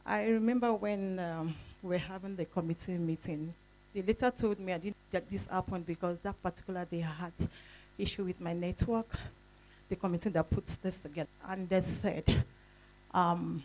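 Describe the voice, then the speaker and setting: A woman's voice: fairly low pitch, a little mellow, rough recording. A woman with a Nigerian accent giving a tribute speech at an event, telling stories with animation and acting out the voices of others. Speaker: tribute speaker. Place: event hall.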